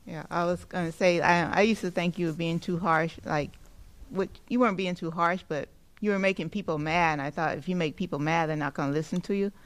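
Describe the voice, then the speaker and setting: A woman's voice: on the low side, steady tone, fairly quick. Church member, woman, casual and hesitant, lots of "like" and "um". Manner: hesitant, full of fillers. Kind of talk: casual discussion.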